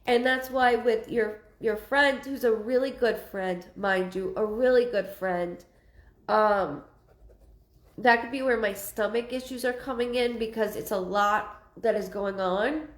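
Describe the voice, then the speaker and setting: A woman medium gives a live reading in a rambling, repetitive way, full of ums. Her voice sits a bit high. The room around her is echoey. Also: measured pace. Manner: rambling, repeats phrases, many ums. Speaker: psychic medium.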